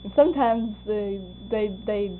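A woman's voice: mid-range voice, unhurried. An older woman recalling people in an oral history interview, laughing often and acting out what they said. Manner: laughing, animated storyteller acting out quoted voices. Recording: tinny lo-fi tape with faint hum.

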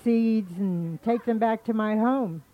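A woman's voice: a little high, takes it slowly, narrow, tinny audio. A woman doing a busy fussy squirrel. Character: busy hardworking male squirrel.

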